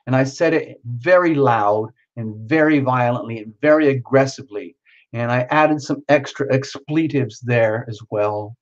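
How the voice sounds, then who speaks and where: A man's voice: medium pitch, moderate pace. Live-stream host, man, rambling and teasing, muffled lo-fi sound. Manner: rambling, playful and teasing, with many fillers and restarts. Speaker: tarot reader hosting a live stream. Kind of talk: casual live-stream chat answering viewer comments.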